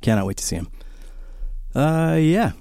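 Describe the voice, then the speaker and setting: This college radio host's voice sits on the high side and he takes his time, chatting casually between songs. He rambles enthusiastically, fills the air with fillers, and tells animated stories. The recording, made on a studio broadcast mic in a small studio, is dry and clean.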